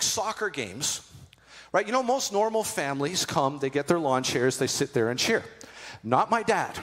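Pastor, male, 40s, high voice, lively storyteller who goes soft and earnest, big hall reverb. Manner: animated storytelling, drops to soft earnest tones. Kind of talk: sermon. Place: church auditorium. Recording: long reverb of a large hall.

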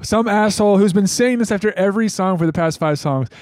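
Playful, fairly high-voiced young man. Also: quick pace, darkish tone, no echo, studio quality. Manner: playful, jokey, riffs with filler words. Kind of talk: casual chat.

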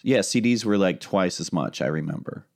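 Laid-back guy with a lowish voice, thinking out loud on a chat podcast. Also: normal speed, vocal fry. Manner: thoughtful, relaxed, musing with hedges and fillers. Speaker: podcast co-host. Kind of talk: casual chat.

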